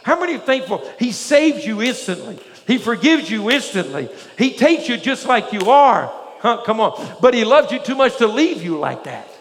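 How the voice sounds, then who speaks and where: High-voiced preaching man in a reverberant hall. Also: normal speed, few pauses. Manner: energetic preaching with frequent call-and-response questions. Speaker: pastor. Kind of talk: sermon. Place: church sanctuary.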